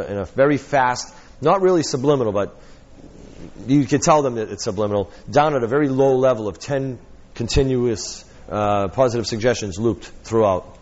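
A man teaching a workshop, an animated storyteller who acts out quotes and laughs often. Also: medium pitch, dull audio. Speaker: hypnotherapy trainer.

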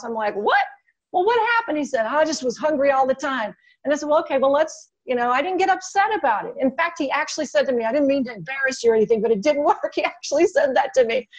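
High-voiced woman hypnotist telling stories. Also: poor audio. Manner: animated storytelling, acts out client dialogue. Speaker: guest hypnotist. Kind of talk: casual teaching talk.

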